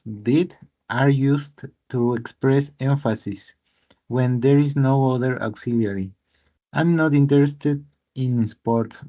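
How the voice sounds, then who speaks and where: A male student reading textbook sentences aloud slowly and carefully in an online class. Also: medium pitch, mellow. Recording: dull lo-fi call audio.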